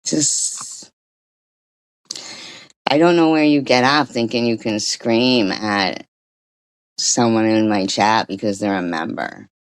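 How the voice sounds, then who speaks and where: Slow-talking, profane woman streamer. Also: extremely low pitch, clear, resonant tone. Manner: profane ranting with trailing restarts. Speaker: livestream host. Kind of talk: casual livestream commentary.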